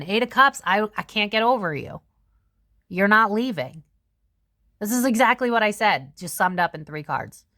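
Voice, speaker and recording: A young woman hosting a casual tarot reading, chatty and animated, swearing freely as she talks through the cards. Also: mid-range voice, no echo, clean studio sound. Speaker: tarot reader host.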